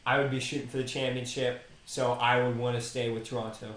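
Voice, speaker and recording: A man's voice: medium pitch, flat delivery, a little fast, fairly bright tone. Young man with opinions in a roomy space. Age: young adult. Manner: opinionated, addresses players directly. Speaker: podcast co-host. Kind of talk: casual sports chat. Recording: roomy echo.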